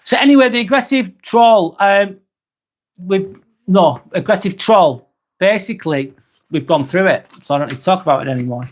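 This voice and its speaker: A man's voice: high-pitched, moderate pace. Chatty man hosting a live vlog. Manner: relaxed and chatty, with frequent ums and casual swearing. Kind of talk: casual live-stream chat reading out viewer comments.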